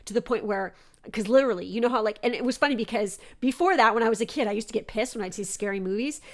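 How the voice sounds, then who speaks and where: A young adult woman hosting a podcast, telling a story in a casual, animated way and swearing often. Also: on the high side, fast talker. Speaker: podcast host.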